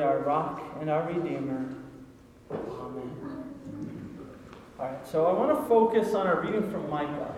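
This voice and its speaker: A man's voice: high-pitched, phone-quality sound, slight background noise. A male pastor preaching a sermon in a church, conversational and dramatic. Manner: conversational, dramatic reading of scripture. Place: church sanctuary. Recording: echoey hall from far off.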